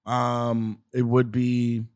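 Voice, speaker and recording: A man's voice: medium pitch, monotone, very slow, a little mellow. A man appearing as a comedian guest on a casual podcast, talking in a laid-back, slangy way and deflecting questions with laughs. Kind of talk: casual interview chat. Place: indoor studio couch.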